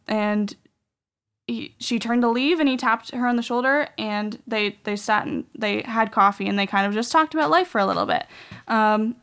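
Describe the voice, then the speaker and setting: A podcast host with a fairly high, fairly bright voice meanders casually through a story. Her talk is crowded with filler words, especially "um" and "like."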